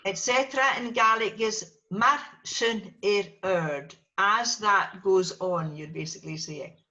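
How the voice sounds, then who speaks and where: Speaking a little slowly, this woman has a mid-range voice that's bright and forceful. She's a Gaelic teacher giving a small class a language lesson, patiently repeating every word for the students to echo.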